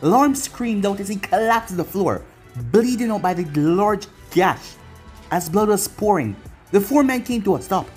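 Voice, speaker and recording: Fan fic reader narrating an anime story, really sing-song pitch, lil bit of music in the back. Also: expressive, moderate pace, darkish tone. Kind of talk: reading fan fiction aloud.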